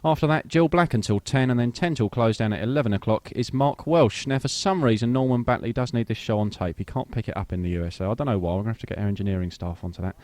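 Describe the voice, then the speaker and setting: A man's voice: mid-range voice, quick pace, hardly any pauses, darkish tone, no room sound. Male radio DJ, mid-range voice, casual self-deprecating links. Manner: chatty, offhand and self-deprecating, with filler "uh"s.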